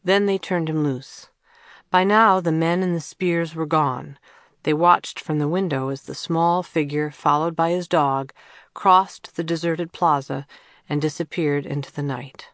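Low-voiced woman narrating a story. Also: unhurried, no room sound, studio quality. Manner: calm, even storytelling. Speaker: audiobook narrator. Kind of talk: scripted narration.

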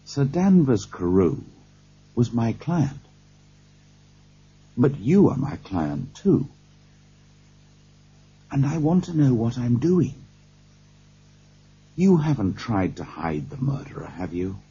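A man voicing a serious, careful lawyer who asks grave, measured questions in an audiobook. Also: medium pitch, very animated, dark tone, slightly rough, full character voice. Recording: dull lo-fi cassette tape.

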